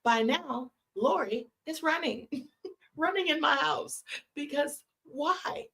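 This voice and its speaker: A woman's voice: high voice, takes it slowly, gravelly. A woman hosting a live stream from California, telling a long personal story to her viewers and acting out the people in it. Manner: animated storyteller acting out quoted voices. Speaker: host.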